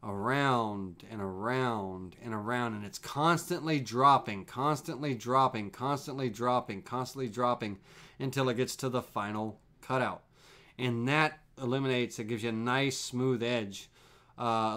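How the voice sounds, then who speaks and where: A man walks viewers through CNC toolpath settings on a live stream. He talks in an easygoing way, repeats phrases as he clicks through the software, and uses plenty of fillers. His voice sits at an ordinary middle pitch. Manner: relaxed, repetitive explaining with fillers. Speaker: CNC woodworking instructor.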